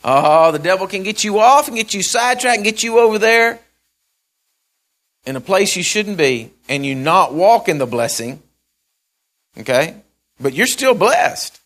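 A man preaching a sermon in a folksy storytelling way, acting out the characters and repeating phrases, swinging from loud to soft. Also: high voice, sing-song, measured pace, long pauses.

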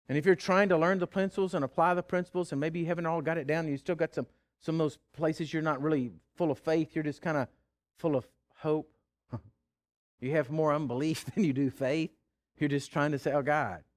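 A man preaching with a slightly high voice. His delivery is animated, leaping up and dropping low in pitch, and he stammers through repeated words and chuckles as he goes. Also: a little fast. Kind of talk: sermon.

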